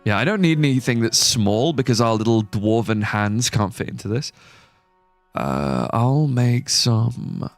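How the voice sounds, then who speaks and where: Slow-talking young man streaming a game. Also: mid-range voice, animated, soft background music. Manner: rambling, thinking aloud with fillers. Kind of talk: casual live-stream chat.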